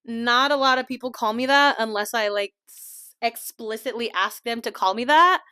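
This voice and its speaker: A woman's voice: a little high, normal speed, clean tone, no echo. Chatty woman podcaster, dry close sound. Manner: chatty, laughs often, drops to quiet asides. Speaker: podcast host. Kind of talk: casual chat. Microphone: small desk mic.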